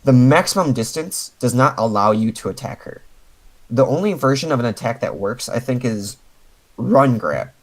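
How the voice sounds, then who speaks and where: A man's voice: medium pitch, animated, moderate pace, low-quality recording. Patient man coaching over a voice call. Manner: patient, explains step by step with many fillers. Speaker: game coach.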